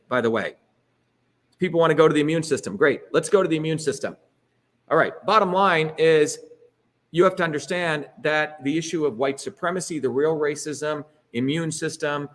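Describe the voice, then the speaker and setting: Man, middle-aged, emphatic rhetorical talk, slightly high voice, keeps asking "right?". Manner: emphatic, rhetorical, peppers lines with "okay?" and "right?". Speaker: speaker leading a political talk. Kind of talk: animated public talk with slides.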